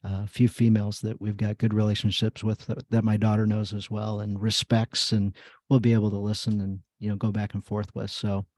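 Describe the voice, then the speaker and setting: A man's voice: fairly low pitch, completely flat delivery, brisk, dark tone, dry recording. A man hosting a podcast, telling a personal story in casual chat, rambling with many fillers. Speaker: podcast host.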